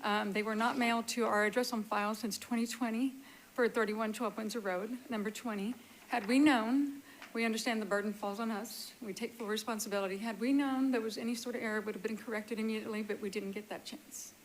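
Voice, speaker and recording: A woman speaking as an appellant at a public hearing, earnest and apologetic, talking in a hurried way into a meeting-room microphone. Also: a little high, fairly even intonation, a little hiss or hum, rough recording. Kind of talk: testifying at a hearing.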